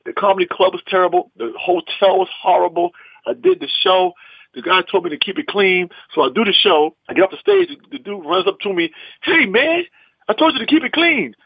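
Brief: husky male comic, lively swoops, slightly muffled dry sound, punchy storyteller. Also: sits high, fairly quick, dry recording. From US East Coast. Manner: animated, punchy, repeats "man". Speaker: comedian. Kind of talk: storytelling anecdote.

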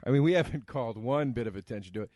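A man co-hosts a casual film commentary podcast. He teases his partner and talks haltingly, stumbling and repeating words as he goes. He has a mid-pitched voice recorded close and dry. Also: expressive, warm tone, dry recording. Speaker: podcast co-host. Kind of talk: casual movie commentary chat.

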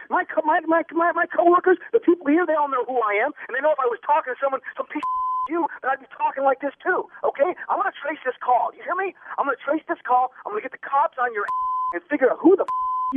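Flustered high-voiced man on a phone line. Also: sing-song, fast talker, dry recording. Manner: flustered, stammering, repeats himself. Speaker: prank call target, store worker. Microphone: telephone.

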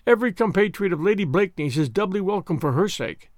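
A man's voice: high voice, expressive, fast, no room sound, clean studio sound. A man voicing a regal male prince with a courtly, drawling manner. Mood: gracious. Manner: courtly, drawling, alternately cold and gracious.

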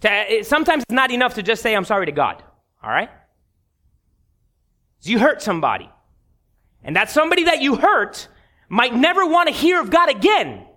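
A man's voice: very high-pitched, very animated, moderate pace, long pauses, bright, forceful tone. A pastor preaching a sermon, telling a personal story with candid humor and speaking directly to his congregation. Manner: direct, talks straight to the congregation.

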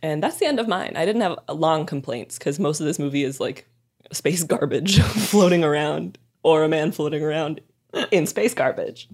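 A woman with a slightly low voice co-hosts a podcast in loose, casual chat. She is playful and teasing and laughs easily. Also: lively intonation, moderate pace, darkish tone. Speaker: podcast co-host. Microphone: studio mic.

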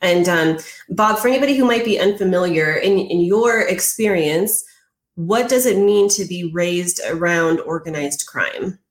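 A woman's voice: on the low side, a little slow. Woman hosting in an echoey room. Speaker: host. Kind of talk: live-stream interview. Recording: roomy echo.

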